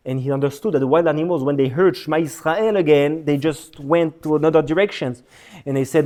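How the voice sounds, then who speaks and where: A man, a rabbi, giving a lesson as an animated story, repeating words for emphasis. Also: fairly high pitch, fast talker. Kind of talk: storytelling sermon. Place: synagogue hall.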